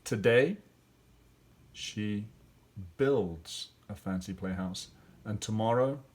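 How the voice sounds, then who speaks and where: A man's voice: on the low side, takes it slowly, darkish tone. A male teacher walking through grammar and spelling exercises step by step, thinking aloud with fillers. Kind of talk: classroom lesson walkthrough.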